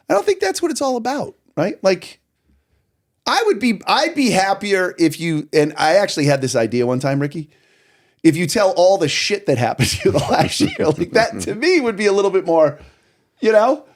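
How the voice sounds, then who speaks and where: Lively man with a bouncy pitch. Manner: teasing, quick interjections. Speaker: podcast co-host. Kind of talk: casual chat.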